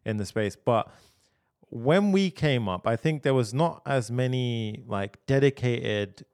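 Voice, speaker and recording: A man's voice: medium pitch, lively intonation, a little slow, a little mellow. A man hosting a casual podcast interview, backing his guest with frequent agreement and rambling through his own thoughts. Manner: rambling, many fillers and restarts, frequent "yeah" backchannel. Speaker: podcast host.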